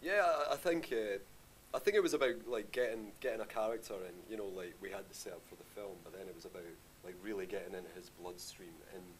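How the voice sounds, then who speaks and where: Rambling man, lowish voice. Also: fast talker, a little hiss or hum. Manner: rambling, filler-heavy, says aye often. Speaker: film director guest. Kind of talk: live Q&A conversation. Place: live stage event.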